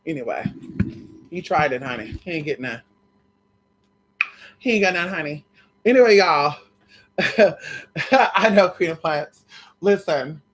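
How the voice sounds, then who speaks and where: Woman, casual storytelling vlog, sassy, profane, animated, plays both sides of arguments. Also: sits low, slight background noise. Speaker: vlogger telling stories.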